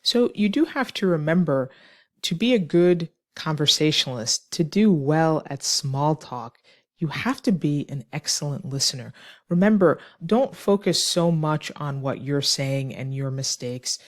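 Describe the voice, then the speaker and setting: An English teacher talks learners through small talk in an ESL lesson. They explain step by step and act out short example lines along the way. The voice sits at a middle pitch. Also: lively intonation, unhurried.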